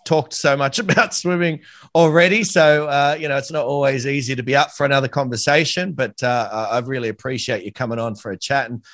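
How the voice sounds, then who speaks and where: An Australian man hosts a casual podcast interview, friendly and quick to laugh, calling his guest mate. His voice sits at an ordinary middle pitch and the recording is dry, with little room sound. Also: steady tone, a bit bright, no room sound. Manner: friendly, says "mate" often, laughs easily. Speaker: podcast host.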